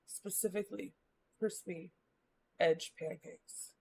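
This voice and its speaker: A woman's voice: medium pitch, steady tone, slow pace, creaky, a little mellow, a little hiss or hum. A woman from the Midwest, chatting casually with her live-stream viewers as she rambles along, using lots of filler words. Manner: rambling, many filler likes.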